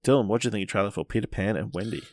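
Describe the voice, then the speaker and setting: Lowish voiced guy running a movie podcast, steady, reads trailer listings, dry close mic. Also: rapid-fire, no echo. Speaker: podcast host. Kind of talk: reading trailer news and chatting.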